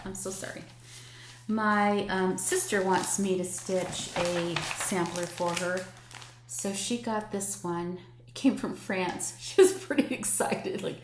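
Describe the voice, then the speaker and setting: A woman's voice: fairly low pitch, unhurried. Chatty older woman in an echoey room. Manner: chatty and gushing, many ums. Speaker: cross-stitch vlogger. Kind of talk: casual show-and-tell chat. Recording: echoey room with faint noise.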